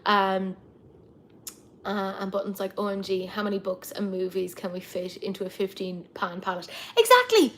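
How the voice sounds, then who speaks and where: An Irish woman hosting a live chat with viewers, talking in a chatty, lively way with lots of asides. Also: medium pitch, brisk, slight background noise. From Ireland. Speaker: livestream host.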